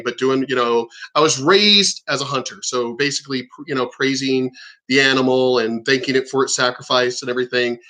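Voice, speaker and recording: A man's voice: medium pitch, bright, forceful tone. A man telling stories and ranting in a blunt, profane, combative monologue. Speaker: vlogger.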